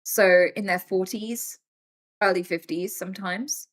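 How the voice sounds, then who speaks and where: A woman in her thirties talks straight to her stream viewers in a loose, chatty way. She swears freely and keeps her voice lively, even slipping into other people's voices to act out what they said. Her pitch sits in the middle of the range. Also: unhurried. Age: 30s. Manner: animated and swearing, acts out quoted voices. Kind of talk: casual live-stream chat.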